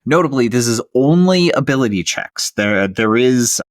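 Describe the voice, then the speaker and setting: A man's voice: mid-range voice, expressive, moderate pace, no echo, studio quality. A man hosting a tabletop gaming podcast, explaining rules in an easygoing casual chat. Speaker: podcast host.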